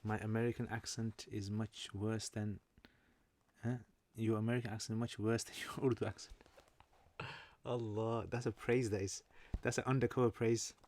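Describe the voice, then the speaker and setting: A man's voice: lowish voice, level tone, normal speed, darkish tone. British man hosting a joking livestream chat. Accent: British English. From Britain. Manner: chatty, joking, explains Arabic terms. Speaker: livestream host answering chat. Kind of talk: casual livestream Q&A.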